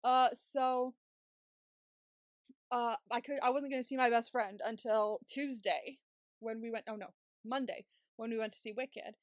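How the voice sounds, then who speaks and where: Young woman podcast host, chatty and giggly, swears a lot, slightly high voice, dry close sound. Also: fairly even intonation, unhurried, pauses often, no echo. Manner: chatty, swears freely, laughs often, many fillers. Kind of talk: casual storytelling chat.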